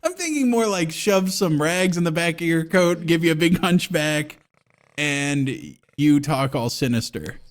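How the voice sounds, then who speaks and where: A man in a relaxed podcast chat, animated and quick to laugh as he spins stories about his daughters. His voice sits a little higher than most men's and swings widely in pitch. He swears casually. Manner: animated storyteller who laughs often and acts out quotes; curses casually. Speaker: podcast co-host; father.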